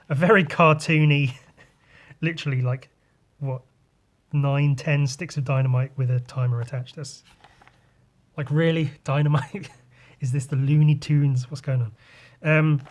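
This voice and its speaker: A man hosting a podcast, talking casually through a comic in a loose, sweary, rambling way, his voice a little rough today. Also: on the high side, steady tone, unhurried, pauses often. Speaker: podcast host.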